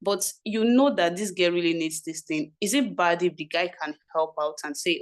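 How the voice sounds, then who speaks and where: Woman on a call, lowish voice, acts out little quotes as she argues. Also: moderate pace, poor audio. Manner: conversational, acting out quoted speech. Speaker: participant in an online discussion. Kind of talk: casual discussion.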